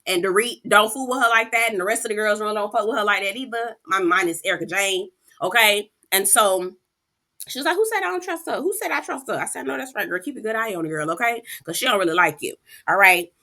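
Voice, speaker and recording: A woman giving a sassy, animated recap of a reality TV episode, talking straight to her viewers. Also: mid-range voice, fairly quick. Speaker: reality TV reviewer. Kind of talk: casual recap commentary.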